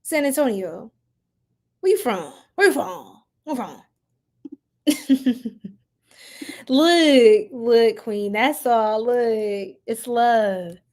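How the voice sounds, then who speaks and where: A tarot reader streams live, chatting casually with viewers in a playful mood. Her slightly high voice draws out words and pauses often, and she laughs a lot, responds to the chat, and exclaims loudly.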